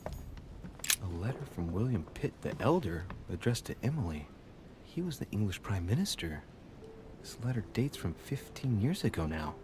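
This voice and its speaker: An actor voicing a game narrator who calmly explains objects and letters. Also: male voice, lowish voice, normal speed, noisy background.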